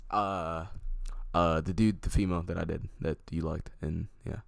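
A man's voice: low-pitched, steady tone, normal speed, vocal fry. A young man co-hosting a casual chat, telling a long story with many restarts and acting out both sides of a text exchange.

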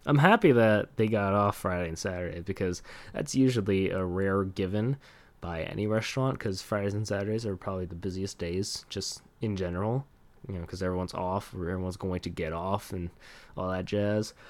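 A man's voice: sits low, a little fast. A young man hosting a casual solo podcast, rambling with lots of fillers and laughing at himself. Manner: rambling, filler-heavy, self-deprecating, laughs often. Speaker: podcast host.

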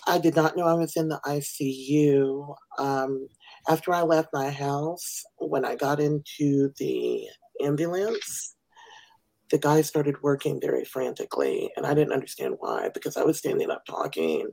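Podcast host, a woman with a raspy, fry-heavy voice who drifts into whispers. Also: low voice, measured pace, poor audio. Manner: soft-spoken, often trailing into a whisper. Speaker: podcast host and burn survivor. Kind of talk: casual interview chat.

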